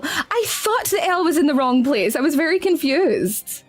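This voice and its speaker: A woman with a Scottish accent chats on a live stream, her high voice swooping up and down as she giggles and gets flustered. She calls her viewers darling. Soft music plays faintly underneath. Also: expressive, slow pace. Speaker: VTuber streamer. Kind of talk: casual live-stream chat.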